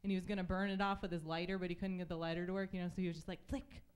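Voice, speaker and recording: A woman's voice: fairly low pitch, flat delivery, racing, clean tone. A young woman telling stories in a stand-up comedy set on a club stage, chatty with lots of fillers and acted-out voices.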